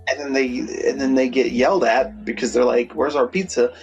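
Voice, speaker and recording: A man's voice: medium pitch, flat delivery, brisk, lo-fi sound, over music. A man co-hosting a podcast in casual chat, rambling and swearing freely. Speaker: podcast co-host.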